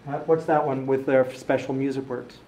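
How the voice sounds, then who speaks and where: A man teaching a music class, brisk and upbeat as he directs the students. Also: mid-range voice, little pitch movement, far from the mic, a crowd in the background. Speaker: music education professor. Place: large echoey classroom. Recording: roomy classroom audio from afar.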